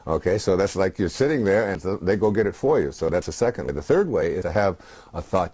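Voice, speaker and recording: A man in his sixties, speaking as an interview guest in a halting, reflective way with many pauses and fillers. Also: deep voice, lively intonation, a little mellow, breathy edge, no room sound. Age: 60s.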